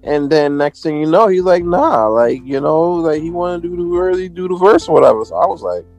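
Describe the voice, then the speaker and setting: A music producer tells stories during a casual interview, his voice a little high and darkish in tone, animated and brisk. The talk is laid-back and slangy, heavy on "you know what I'm saying" fillers.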